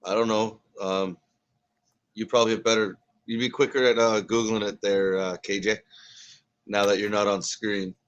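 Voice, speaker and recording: A man's voice: on the low side, little pitch movement, moderate pace, clear, resonant tone, dull audio. A man co-hosting a live wrestling watch party, chatting casually and laughing easily, often restarting his sentences. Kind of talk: casual chat.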